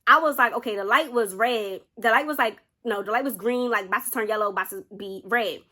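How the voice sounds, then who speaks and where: A young woman vlogger telling a personal story in a chatty, animated way, often speaking straight to her viewers. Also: on the high side, fairly quick. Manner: chatty, animated, keeps addressing viewers directly. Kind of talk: casual storytime narration.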